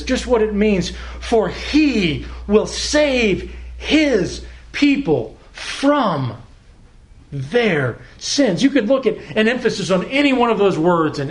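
Preaching as a pastor, this man has a high-pitched voice and an earnest manner. He slows for emphasis and sometimes repeats words as he hunts for the right one.

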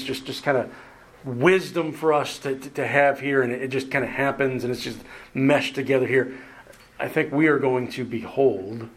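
A man preaching a sermon, emphatic and deliberate, leaning hard on key words and pausing for effect. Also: medium pitch, a bit bright, a little hiss or hum. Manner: emphatic, repeats words for emphasis, slow deliberate delivery with dramatic pauses. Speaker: pastor.

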